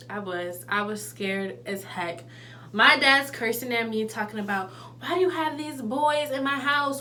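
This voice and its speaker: A young woman telling a personal story in a casual, slangy, animated way. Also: mid-range voice, a little hiss or hum. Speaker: vlogger.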